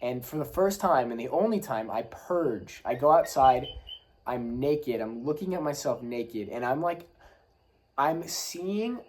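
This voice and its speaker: A man's voice: medium pitch, animated, a little slow, a little mellow, low-quality recording. A man hosting a podcast, telling a personal story in a candid, rambling way with many fillers, his legs still shaking a little. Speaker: podcast host.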